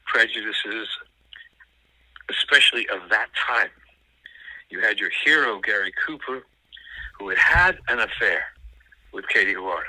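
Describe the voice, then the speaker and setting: A man talking as a film critic guest in a casual film discussion, thoughtful and analytical, pausing often to find his words. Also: fairly low pitch, sharp tone, no room sound, poor audio.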